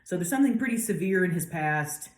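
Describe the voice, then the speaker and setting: A woman professor giving a casual literature lecture, paraphrasing the text in lively slang. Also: fairly low pitch, fast, reverberant. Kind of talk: lecture with dramatic readings.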